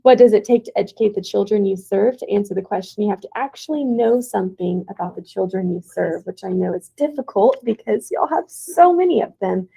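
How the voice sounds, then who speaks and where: Woman, young adult, teacher presentation, husky, dark tone. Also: medium pitch, animated, a little fast, hardly any pauses, rough recording. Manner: casual, with many "um"s and "y'all".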